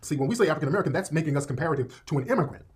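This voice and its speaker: A man's voice: a little high, expressive, rapid-fire, noisy background. A man giving impassioned commentary in an emphatic, preachy way.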